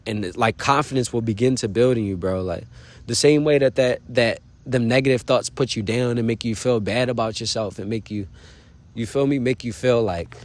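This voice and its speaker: At a moderate pace and fairly low pitch, this man gives himself an earnest pep talk on his vlog. The delivery is slangy and encouraging, sprinkled with "bro," "you feel me," and plenty of side comments to the viewer.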